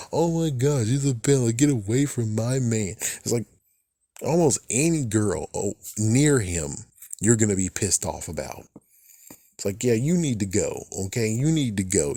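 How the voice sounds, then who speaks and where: A man's voice: mellow, dry recording. A man giving a casual, ranting recap of a TV episode, often swearing and mocking the characters in a raised voice. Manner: mimics characters' lines in a higher voice. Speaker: fan reviewer.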